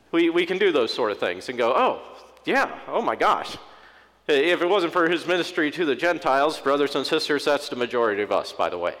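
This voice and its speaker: A man's voice: on the high side, a bit bright. Conversational man preaching in a hall. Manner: conversational preaching with asides and quoted inner voices. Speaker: pastor. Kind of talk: sermon.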